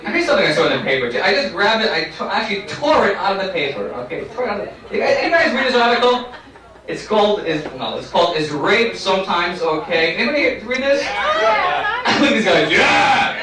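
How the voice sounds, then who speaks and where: A man doing stand-up, animated and acting out quick bits of dialogue. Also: high-pitched. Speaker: stand-up comedian. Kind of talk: stand-up comedy set. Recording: very echoey club from far off, loud crowd.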